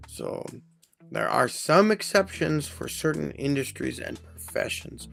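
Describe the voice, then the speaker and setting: A man's voice: fairly high pitch, expressive, measured pace, vocal fry, a bit bright, faint music behind. A man hosting a casual live stream about workplace rules, talking in a rambling, chatty way and often correcting himself. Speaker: HR consultant host.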